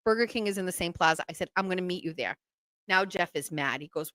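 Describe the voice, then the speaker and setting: A woman, hosting a podcast and telling a story in casual, animated fashion, acting out what other people said. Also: fairly low pitch, fast, no room sound. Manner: animated, acts out quoted voices. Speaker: podcast host.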